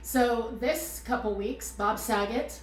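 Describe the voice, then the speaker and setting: Woman co-host, chatty and rambling; slightly high pitch; roomy studio sound. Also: takes it slowly, a little hiss or hum. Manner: chatty, self-deprecating, trails off often. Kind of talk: casual chat.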